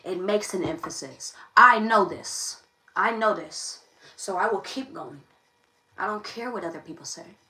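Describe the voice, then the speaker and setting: A woman's voice: on the low side, animated, moderate pace, a bit bright. A woman hosting a tarot live stream, talking in an emphatic, preachy way and repeating her phrases over and over. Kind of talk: impassioned live-stream monologue. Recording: echoey room, distant mic, faint noise.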